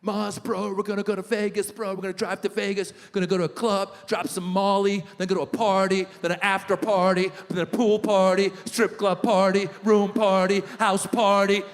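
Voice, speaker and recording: A man putting on an excited young party bro in his twenties, rattling off weekend plans, heard in a hall with long reverb. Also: high-pitched, normal speed, few pauses. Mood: hyped. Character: hyped young male party bros, twenties.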